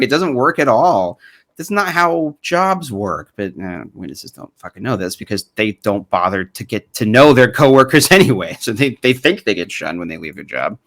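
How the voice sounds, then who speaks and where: A man's voice: medium pitch, fairly bright tone. A man in his thirties hosting a commentary vlog, talking casually and sarcastically, often laughing and swearing. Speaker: channel host.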